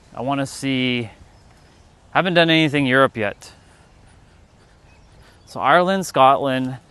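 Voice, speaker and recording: With a smooth, mid-range voice that sounds pushed and bright, a Canadian-accented man hosts an outdoor phone livestream. He rambles and thinks aloud while walking down a city street.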